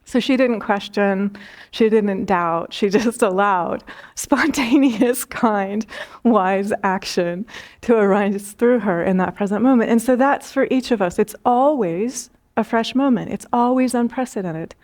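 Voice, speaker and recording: A woman spiritual teacher giving a talk, telling stories gently with light laughs and repeated phrases. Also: medium pitch, measured pace.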